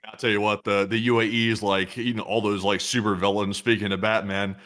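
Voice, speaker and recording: A man's voice: fairly low pitch, little pitch movement, brisk, fairly bright tone. Rambling sarcastic livestream co-host man. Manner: rambling, sarcastic, lots of fillers. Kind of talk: casual news commentary livestream.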